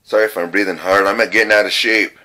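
A middle-aged man exploring an old abandoned trailer on a casual ghost-hunting vlog, talking in a halting, folksy way and repeating his words. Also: lowish voice, steady tone, bright, forceful tone. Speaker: paranormal vlogger.

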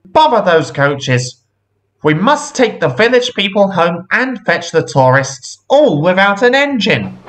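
A man voicing a brisk, bossy railway controller in a storybook reading, speaking in a commanding way. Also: high voice, lively intonation, fairly bright tone, pitched above the performer's own voice.

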